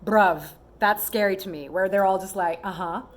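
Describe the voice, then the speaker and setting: A woman in her thirties vlogging straight to camera in a loose, chatty way. She swings her voice up and down freely and slips into quick impressions of other people mid-sentence. Her pitch sits in an ordinary middle range. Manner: animated, mimics other people's voices in quoted asides. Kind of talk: casual monologue to camera.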